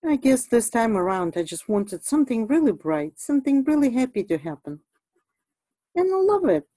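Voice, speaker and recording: A woman talks through an art lesson as she draws. Her voice is mellow and soft-edged, and the sound is close and dry with no room around it. She is chatty, laughs easily and often pauses on fillers. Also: on the high side, very animated, no room sound, low-quality recording. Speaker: art instructor. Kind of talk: casual teaching while drawing.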